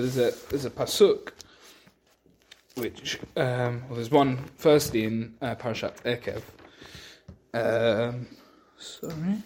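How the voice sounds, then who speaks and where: A man teaching a Torah lesson with a story, halting often and restarting his sentences. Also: medium pitch, a little mellow. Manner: halting, many restarts, acts out quotes. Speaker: religious teacher.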